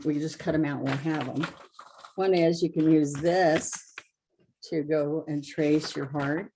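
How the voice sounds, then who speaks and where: Low, mellow-voiced woman teaching painting. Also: a little hiss or hum. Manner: chatty, step-by-step, self-correcting. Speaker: painting class instructor. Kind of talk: live craft demonstration.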